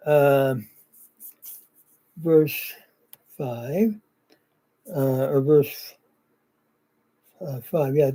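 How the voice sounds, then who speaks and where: A man teaching biblical grammar, reading ancient verses aloud and working through them slowly with frequent "uh" pauses. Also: on the high side, fairly even intonation, mellow. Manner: deliberate, pauses with "uh", reads ancient text aloud. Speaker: Bible language teacher. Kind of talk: slow grammar lecture.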